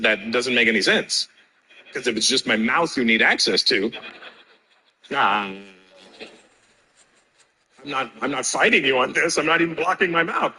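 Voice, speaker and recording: Man doing stand-up, brash and profane, bright forceful tone, faint room ambience. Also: mid-range voice, a little hiss or hum, poor audio. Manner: brash, profane storytelling with acted-out dialogue. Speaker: stand-up comedian. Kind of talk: stand-up comedy set. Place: live venue with audience.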